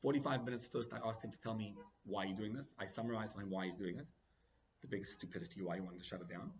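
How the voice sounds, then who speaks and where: A male rabbi tells his story at a rapid clip, leaping up and down in pitch as he acts out each exchange. His voice sits mid-range. The recording is a little dull, with faint ambience behind him. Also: slight background noise. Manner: animated, acts out dialogue with big pitch swings. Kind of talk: storytelling sermon.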